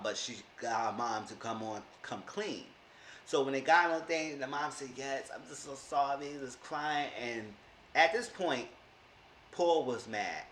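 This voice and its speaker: A man's voice: medium pitch, bright, forceful tone, roomy sound, slight background noise. A man in his thirties giving a casual, emphatic TV episode recap, repeating himself when annoyed. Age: 30s. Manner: emphatic, exasperated, repeats phrases. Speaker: TV episode reviewer.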